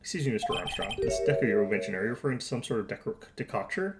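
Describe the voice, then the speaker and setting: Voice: mid-range voice, animated, rapid-fire, lightly acted. A streamer voicing a fussy, easily confused older male judge in a video game, with formal, bumbling phrasing. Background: loud game music.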